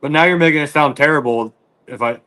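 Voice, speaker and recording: A man's voice: on the high side, fast talker, sharp tone. A man in a casual chat with friends, joking in a wry, laid-back way. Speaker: podcast co-host.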